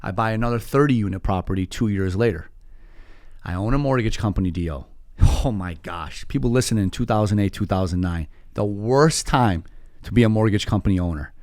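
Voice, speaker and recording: A man in his forties from Iran, telling his story as a podcast guest in an animated, quick way, full of fillers and quoted voices. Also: fairly low pitch, no echo, studio quality. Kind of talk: casual storytelling.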